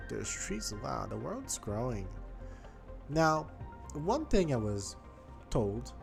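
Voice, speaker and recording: A man's voice: mid-range voice, big pitch swings, takes it slowly, creaky, pauses often. A man giving casual gameplay commentary, chatty and thinking aloud as he explores, with faint game music behind him. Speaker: gaming YouTuber.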